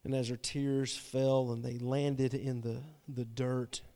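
A man's voice: mid-range voice, flat delivery, slow pace, mellow. A man preaching a sermon, retelling a story dramatically and often repeating his words. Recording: long reverb from a large hall.

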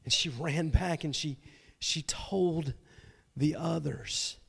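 A man's voice: a little high, slow pace, creaky, husky. A man preaching a sermon, retelling a story dramatically and often repeating his words. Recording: long reverb from a large hall.

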